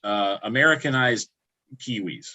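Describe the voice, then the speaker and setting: A man's voice: on the low side, animated, a little slow, pushed and bright. A man from upstate New York chatting casually on a livestream, rambling and restarting his words often. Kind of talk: casual chat.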